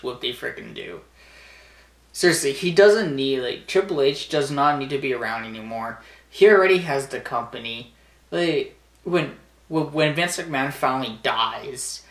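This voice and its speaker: Recording in an echoey room, a young man who vlogs about wrestling gives a casual, rambling recap of a show, laughing frequently and performing the wrestlers' lines himself. His voice is mid-range and a bit bright.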